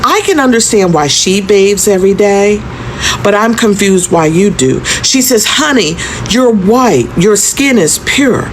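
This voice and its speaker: Calm elderly lady, seventies or eighties, slow and instructive, voiced by a woman; a light voice in the middle range. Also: mid-range voice, a little hiss or hum, lightly acted, low-quality recording. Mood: matter-of-fact. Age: 70s-80s. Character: elderly white woman, calm and matter-of-fact.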